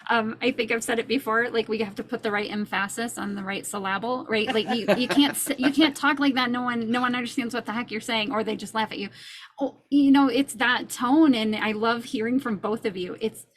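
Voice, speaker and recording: A woman's voice: on the high side, steady tone, brisk. A woman hosting a casual podcast chat, enthusiastic and affirming toward her guests. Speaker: podcast host and coach.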